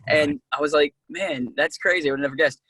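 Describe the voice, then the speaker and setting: Man, actor guest, fast lively storytelling, mimics quoted voices, dry close recording. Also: on the high side, husky, no room sound. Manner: animated, acts out quoted dialogue, many "like"s. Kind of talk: casual interview storytelling.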